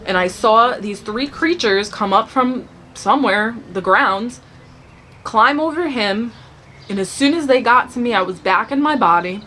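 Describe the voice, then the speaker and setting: A woman sharing a personal faith testimony in casual storytelling, animated and acting out the dialogue as she tells it. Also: on the high side, a little slow, a little hiss or hum. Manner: animated, acts out dialogue in the telling.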